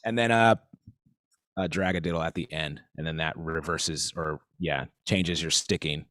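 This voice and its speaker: A man teaching a live online drum warm-up class, talking in a halting way full of fillers, counting in and singing rhythms aloud. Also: rumbling low, steady tone, no room sound, studio quality.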